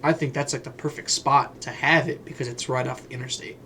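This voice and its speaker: A man co-hosting a podcast, swearing a lot and telling animated stories in casual chat. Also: medium pitch, fairly quick, slight background noise. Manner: profane, animated storytelling. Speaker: podcast co-host.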